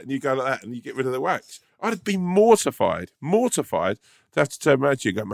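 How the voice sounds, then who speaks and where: A man's voice: medium pitch, sing-song, fairly quick, gravelly, no echo, clean studio sound. A man co-hosting a podcast, rambling and teasing in casual chat, laughing often. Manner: rambling, teasing, laughs a lot, many fillers. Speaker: podcast co-host.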